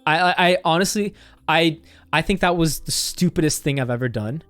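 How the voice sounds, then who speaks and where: A man's voice: fairly high pitch, lively intonation, moderate pace, a bit bright, no room sound, faint music behind. A young man streamer casually telling a story, rambling with constant "like" fillers and swearing.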